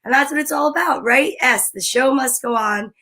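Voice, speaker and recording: A woman chats on a live stream in a bright, gushing way, her voice sitting a little high. She draws out her greetings slowly and sometimes drops to a soft, breathy whisper. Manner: effusive, gushing, greets viewers by name. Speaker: live-stream host and comedian. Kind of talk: upbeat live-stream chat.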